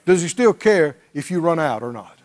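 A man's voice: on the high side, sing-song, moderate pace, darkish tone. A male pastor preaching a sermon, drawing on the congregation and mimicking pleading prayers.

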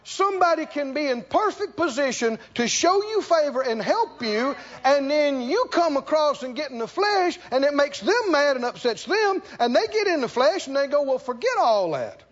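In a slightly muffled recording, an emphatic male preacher with a high, expressive voice delivers a sermon as a storyteller. Animated asides and laughter break up the story, and he slowly repeats key lines for emphasis.

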